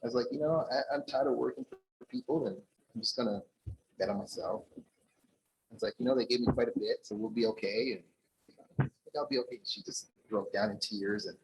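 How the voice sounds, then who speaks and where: Poor audio captures a man with a mid-range voice speaking a little fast to a conference ballroom crowd. He shares a personal story and acts out the dialogue loudly.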